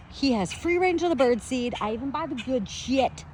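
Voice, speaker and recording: A woman vlogging outdoors in her backyard, talking to the camera and coaxing a bird in a high sing-song voice. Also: expressive, normal speed, hardly any pauses, a little mellow, slight background noise.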